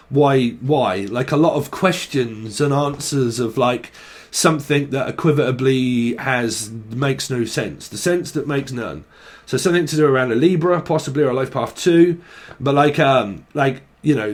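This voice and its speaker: A young man giving a casual tarot reading, rambling and swearing as he thinks aloud. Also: mid-range voice. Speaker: tarot reader.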